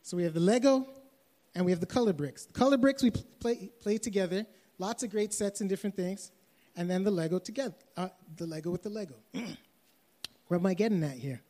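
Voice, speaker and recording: A young adult man with a Canadian accent preaching a sermon, telling a story softly and then raising his voice to exhort. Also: high voice, a little fast. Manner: storytelling, shifts from soft anecdote to raised preaching. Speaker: pastor.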